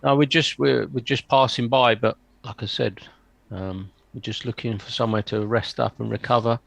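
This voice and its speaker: A man's voice: mid-range voice, steady tone, normal speed, gravelly, dry recording. A man playing a tabletop game who speaks politely and hesitantly, with many ums. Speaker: player. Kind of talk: tabletop role-play, speaking in character.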